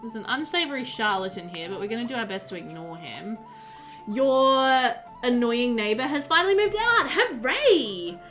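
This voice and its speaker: A woman chatting casually on a live stream while she plays a game, excitable and full of fillers, answering her chat as she goes. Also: fairly high pitch, moderate pace, soft background music.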